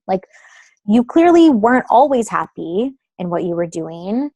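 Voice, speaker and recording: A woman's voice: mid-range voice, expressive, unhurried, mellow, no echo. A woman in her thirties, a guest on an interview over the phone, talking casually and filling her speech with "like" and "um". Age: 30s. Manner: chatty, uses many fillers like "like" and "um". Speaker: guest, creative consultant. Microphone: phone call.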